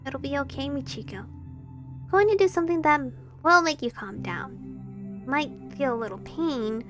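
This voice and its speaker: A woman voicing a calm, tender young man in a visual novel game, speaking softly and soothingly. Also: sits high, faint music behind. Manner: soft, soothing and slow.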